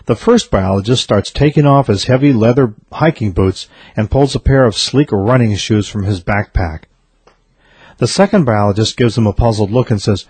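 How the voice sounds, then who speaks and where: A man reading a series of jokes aloud in a steady storytelling delivery. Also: medium pitch, normal speed, slightly rough, no room sound. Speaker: joke teller.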